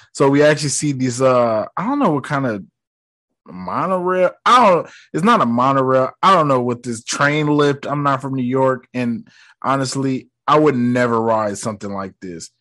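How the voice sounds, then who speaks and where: A man's voice: mid-range voice, a bit bright. A young man hosting a podcast, recapping a movie in casual slang and mocking the characters in quoted voices. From United States. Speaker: podcast host.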